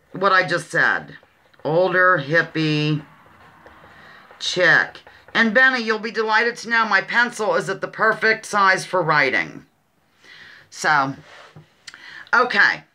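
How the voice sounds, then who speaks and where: A woman hosting a casual livestream word-guessing game, chatty and often breaking into giggles as she reads out clues and greets viewers. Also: fairly high pitch. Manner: giggly, chatty, addresses viewers as ladies and gentlemen. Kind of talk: casual live-stream chat.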